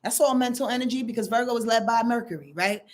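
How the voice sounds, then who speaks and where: A woman astrologer giving a casual weekly rundown, blunt and profane, talking straight to her viewers and swinging between loud and low. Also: fast talker.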